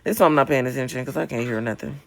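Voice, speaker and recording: A woman in her late twenties chatting on a livestream in a blunt, profane, animated way. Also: very deep voice, rapid-fire, gravelly. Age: late 20s. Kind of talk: casual livestream chat.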